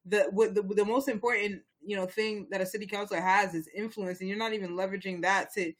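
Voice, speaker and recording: Fast and steady in tone, a young man's high voice carries his impassioned, rambling chat as co-host of a casual talk show, with many restarts along the way.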